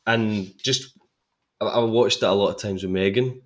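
A man talks about a favourite film on a podcast, eager and tripping over his words as he restarts his sentences. His voice sits a little lower than most men's. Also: steady tone, moderate pace. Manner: enthusiastic, with many restarts and repeated words. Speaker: actor, podcast guest. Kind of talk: casual film-discussion chat.

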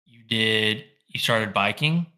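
A young man with a Southern Arkansas accent who teases his co-host with deadpan jokes. His voice is low-pitched but bright and forward. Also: takes it slowly, clean tone. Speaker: podcast co-host. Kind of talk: casual chat.

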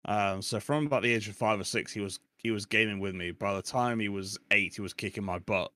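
A man's voice: lowish voice, fairly quick, sharp tone, no room sound. A middle-aged man speaking as a podcast guest in a rambling, self-deprecating chat, laughing often. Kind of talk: casual chat.

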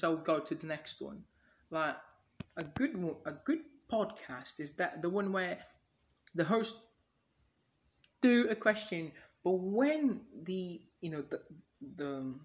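Here a solo podcast host talks slowly in a high, animated voice. He wanders across subjects, swears a lot, and stages mock exchanges as part of his casual monologue.

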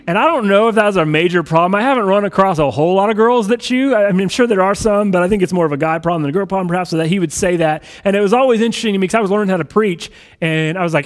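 A man preaching a sermon in a conversational, animated storytelling manner. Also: sits high, fast talker. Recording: hall reverb.

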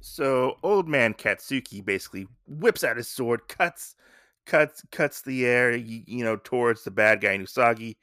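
Male podcast host, casual recap, rambling with fillers, bright dry tone. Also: mid-range voice, normal speed, dry recording. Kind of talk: casual comic book recap.

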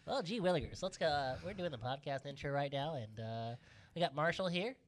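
A man's voice: a little high, animated, brisk, natural voice. A man voicing a corny, cheery, nerdy guy in a goofy, folksy way, as a joke impression. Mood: goofy cheerful. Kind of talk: joking impression.

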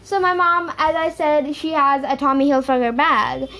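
A woman's voice: high-pitched, fairly even intonation, normal speed, sharp tone. A young woman telling a personal story in a casual, rambling way, circling back and repeating herself with lots of filler words.

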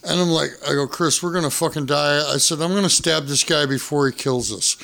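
A man telling a wild travel story as a podcast guest, profane and animated, acting out what people said. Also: fairly high pitch, brisk, creaky. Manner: profane, animated, acts out quotes. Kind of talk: casual storytelling.

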